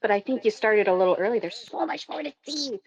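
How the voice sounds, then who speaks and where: A woman's voice: on the high side, lively intonation, quick pace. A woman playing a tabletop game in a playful way, recorded with a dull lo-fi sound. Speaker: player. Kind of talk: casual tabletop play.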